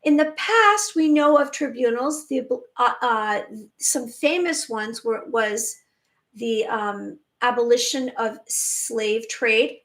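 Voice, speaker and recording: A woman's voice: on the high side, slow pace, a bit bright. A woman hosting a spiritual live stream, talking emphatically in a chatty way and often restarting her words. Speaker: spiritual channel host.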